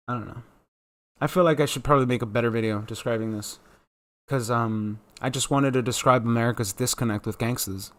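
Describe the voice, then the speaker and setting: A man speaks straight to his audience in a loose, unscripted vlog monologue. He rambles candidly and swears freely, at a middle-of-the-road pitch. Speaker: vlogger.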